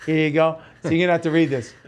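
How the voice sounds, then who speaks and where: A man's voice: fairly high pitch, fairly even intonation, racing. A man from Oregon hosting a podcast, chatting casually and enthusiastically with his guests. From Oregon, USA. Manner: effusive, enthusiastic, exclaiming. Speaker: podcast host. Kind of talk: casual chat.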